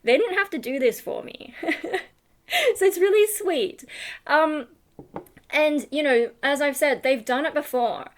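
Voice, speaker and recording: A woman's voice: high voice, measured pace, long pauses. A woman, chatting casually to her vlog audience, rambling with lots of fillers and restarts. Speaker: YouTuber.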